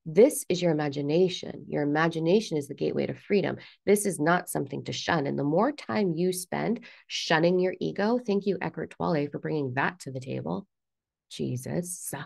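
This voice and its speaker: A woman speaks in a deep, creaky voice, blunt and animated as she rants through self-help advice and swears casually. The sound is dry and close, with no room echo. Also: normal speed. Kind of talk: candid motivational rant.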